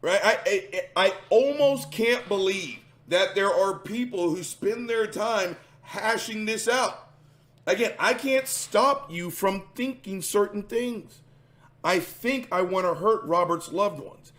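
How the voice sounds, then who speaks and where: A man's voice: high voice, lively intonation, takes it slowly, a bit bright. A man hosting a reaction commentary, ranting combatively and sarcastically with lots of swearing. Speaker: commentary host.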